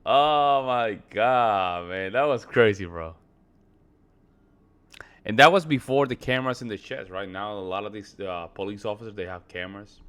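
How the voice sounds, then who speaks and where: A man co-hosting a reaction video, speaking in a relaxed, reflective way with casual slang. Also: on the low side.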